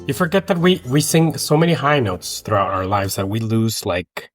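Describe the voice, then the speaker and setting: A man with a Mexican accent talks as a podcast guest. He tells anecdotes in a lively way, his voice close and dry with no room sound. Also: medium pitch, moderate pace, dry recording, soft background music. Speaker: guest opera tenor. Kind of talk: casual interview chat.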